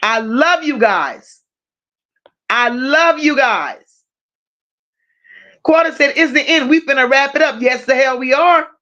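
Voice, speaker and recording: A woman's voice: sits high, animated, slow pace, long pauses, bright, forceful tone, highs cut off. A woman hosting a livestream, reading viewers' comments aloud and firing back with profane, teasing banter. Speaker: livestream host. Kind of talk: casual live chat reading comments.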